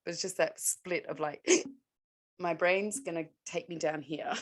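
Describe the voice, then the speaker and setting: A woman, a podcast co-host and coach, telling a personal story in casual chat, animated and laughing often. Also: on the low side, a little slow.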